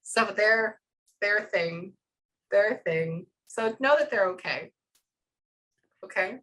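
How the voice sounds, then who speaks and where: Bright, animated woman medium. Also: medium pitch, slow, low-quality recording. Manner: animated, breathless storytelling with many quotes. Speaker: psychic medium. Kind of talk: reading for a client.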